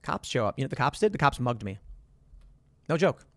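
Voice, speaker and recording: A man's voice: medium pitch, sing-song, fairly quick, no room sound. A man hosting a show, bluntly voicing opinions and telling stories with quoted dialogue. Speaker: podcast host. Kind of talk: opinionated monologue with storytelling.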